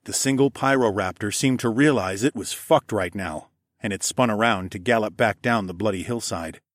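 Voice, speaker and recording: A man narrating a first-person story in a steady, measured way. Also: fairly low pitch, no echo, clean studio sound. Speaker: audiobook narrator.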